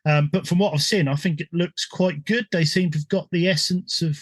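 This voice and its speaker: A man's voice: a little high, steady tone, brisk, no room sound. An English man hosting a casual gaming podcast, chatty, with frequent ums and restarts. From England. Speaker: podcast host.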